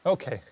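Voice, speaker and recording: A man's voice: high voice, warm tone. A man co-hosting a casual show, playful and joking in banter. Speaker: co-host.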